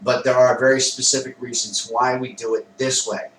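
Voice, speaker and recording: A man, a Wicca priest, calmly explains a ritual step by step in a plain conversational way, sometimes correcting himself. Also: mid-range voice, moderate pace, slight background noise. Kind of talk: instructional ritual demonstration. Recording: echoey room, mic at a distance.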